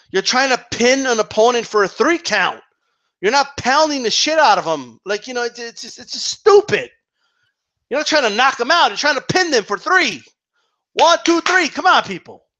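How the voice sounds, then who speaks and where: A man with a strikingly high voice rants in an exasperated, profane monologue. His tone is bright and pushing, and he keeps tossing out "okay?" and "right?" as he drives each point home. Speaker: wrestling commentary vlogger. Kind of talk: ranting opinion monologue.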